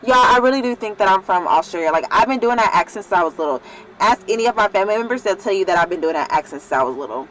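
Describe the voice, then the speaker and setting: A young woman chats straight to her viewers in a loose, rambling vlog voice. She gets excitable and drops casual swears. Her pitch sits in an ordinary middle range, with a faint hiss behind her. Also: very fast, poor audio. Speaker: vlogger.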